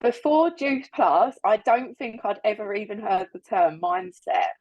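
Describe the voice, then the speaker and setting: A woman's voice: mid-range voice, lively intonation, unhurried, dry recording, muffled recording. A woman leading a casual, motivational team training on a video call, chatty and upbeat, laughing often and repeating words for emphasis. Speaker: business team leader giving training.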